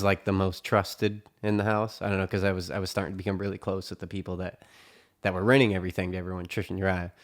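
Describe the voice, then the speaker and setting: Lower-voiced man rambling through a story. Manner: profane, rambling, full of fillers. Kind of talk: casual storytelling.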